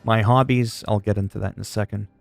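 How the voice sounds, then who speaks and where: A man's voice: on the low side, fairly even intonation, quick pace, gravelly, no echo, faint music behind. A man from Canada chatting casually on a gaming livestream, joking and rambling while he answers chat.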